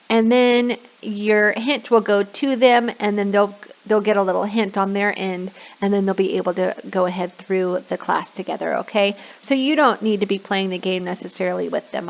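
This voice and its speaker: A woman's voice: medium pitch, highs cut off. A woman walking new online teachers through a classroom platform, often checking in with "okay?" and slipping into a bubbly sing-song voice for kids. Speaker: online English teacher trainer. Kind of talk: screen-share tutorial.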